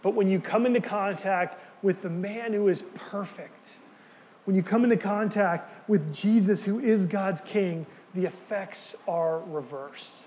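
A man preaching a sermon, earnest and emphatic, dropping to quiet words for key lines. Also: sits high, measured pace, long reverb tail, a little hiss or hum. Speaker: pastor.

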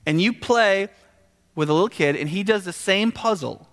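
A man preaching a sermon in a casual, animated, conversational way, often restarting sentences and adding asides. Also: high voice, normal speed. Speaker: pastor. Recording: echoey hall with long reverb.

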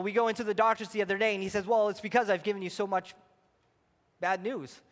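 A man preaching a sermon as pastor, swinging between near-shouted exclamations and quiet, hushed passages. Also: high-pitched, long reverb tail.

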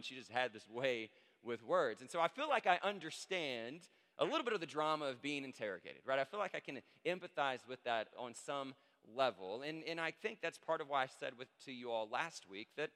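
A man in his thirties preaching a sermon, an animated storyteller who acts out the quotes. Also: medium pitch, a little fast, hardly any pauses. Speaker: pastor. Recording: long hall reverb.

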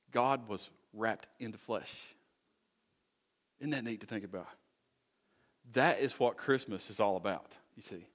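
A man's voice: mid-range voice, fairly bright tone. A man preaching a conversational sermon, asking rhetorical questions and making folksy asides to the congregation. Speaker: pastor.

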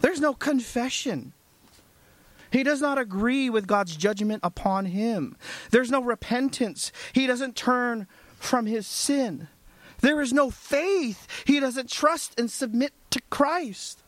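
A male preacher delivers a sermon at a very slow, deliberate pace. He moves between hushed and fervent emphasis, and his voice sounds dry and close with little room echo. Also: very high voice, animated.

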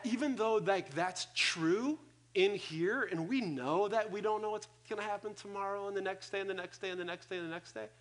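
Young male pastor, fairly high voice, lively sermon delivery that swings loud and soft, addressing a congregation. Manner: energetic, acts out quoted thoughts, swings loud and soft. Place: church hall with audience.

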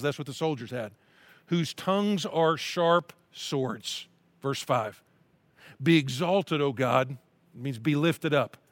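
Man, pastor, sermon, somewhat high voice, dry close mic, earnest scripture reading. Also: normal speed, a bit bright, dry recording. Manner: earnest preaching, reading scripture aloud with emphasis.

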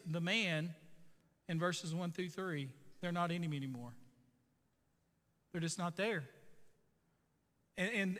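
A man's voice: sits high, sharp tone, long reverb tail. A man preaching a sermon in a casual, joking way, often putting questions to the listeners. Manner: conversational, jokey, asks the audience questions. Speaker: pastor.

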